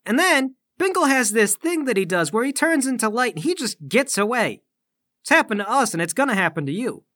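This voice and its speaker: A man's voice: very high-pitched, very animated, brisk, bright, forceful tone. A man playing his character in a tabletop game, talking in a hesitant, wry way with many stammers. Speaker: player.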